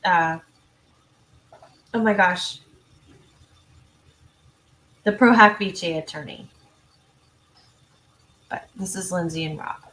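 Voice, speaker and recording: A woman hosting a true crime livestream, chatty and self-interrupting, reading viewer comments and adding quick asides. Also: lowish voice, a bit bright. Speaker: true crime channel host. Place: home.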